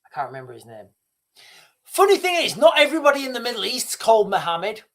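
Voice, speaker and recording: A man's voice: very high voice, huge pitch swings, fast talker, a bit bright. A man hosting a live stream, talking casually and rambling with many restarts. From Britain. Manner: rambling, restarts, chuckles at himself. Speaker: livestream host.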